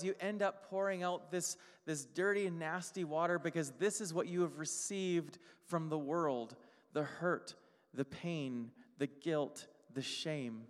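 A male pastor delivers an emphatic sermon in a high voice, piling up short phrases one after another. His words echo with a long reverb, as if spoken in a large church hall. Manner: emphatic, repeats short phrases, slows down on key lines.

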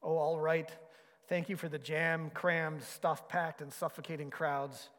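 A woman's voice: low-pitched, level tone, a little slow. A man reading aloud the lines of a frightened, exasperated woman prisoner from a story, in a long reverberant hall.

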